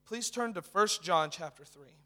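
Young male preacher, high bright voice, casual and excited sermon, long church reverb. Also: moderate pace. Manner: casual, excited, with many fillers. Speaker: guest preacher. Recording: reverberant hall.

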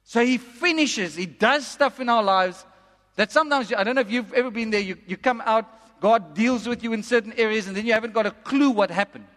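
Man, pastor, emphatic, repeats phrases, high voice, long hall echo. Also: a bit bright. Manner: emphatic, repeats lines slowly for effect. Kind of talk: sermon. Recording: long reverb of a large hall.

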